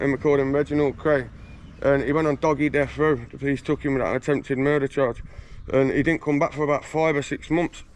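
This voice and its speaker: Standing outdoors on a residential street, a slightly high-voiced man from England tells boastful stories in a casual street interview. He's slangy and swears freely throughout.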